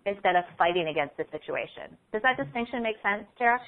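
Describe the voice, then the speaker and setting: A woman guest on an ADHD podcast, talking earnestly and acting out quick examples of inner thoughts. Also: medium pitch, expressive. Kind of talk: podcast interview. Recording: tinny phone line.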